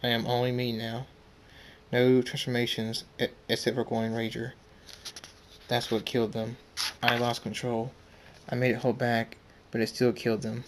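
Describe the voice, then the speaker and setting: A man's voice: medium pitch, monotone, a little hiss or hum, lightly acted. A man reading as a male pony hero with hidden rage. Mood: earnest. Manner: plain reading voice, slow.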